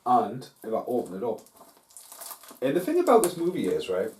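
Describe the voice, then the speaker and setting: A man's voice: medium pitch, huge pitch swings, moderate pace, a little mellow, slight background noise. A man hosting a casual film review vlog at home, rambling and swearing freely. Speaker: host. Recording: roomy, distant from mic.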